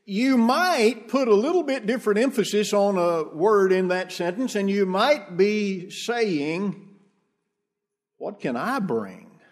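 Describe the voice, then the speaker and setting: A minister delivers a sermon in a church, his voice sitting high for a man. He speaks slowly and deliberately, building his points through rhetorical questions. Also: expressive.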